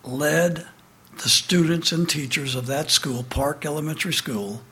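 An older man in his seventies, from the American Midwest, recalls his childhood for a listening audience. His voice sits a little high for a man, and his delivery moves between emphatic stresses and quiet, hushed passages. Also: a little slow. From Midwestern United States. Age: 70s. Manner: animated storyteller, alternately emphatic and hushed. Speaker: speaker giving an address. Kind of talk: personal recollection in a prepared address.

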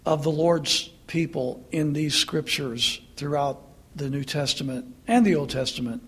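Male pastor, sermon, husky voice pitched high, chatty and earnest. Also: a little slow, fairly bright tone. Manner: conversational, earnest, mocking asides.

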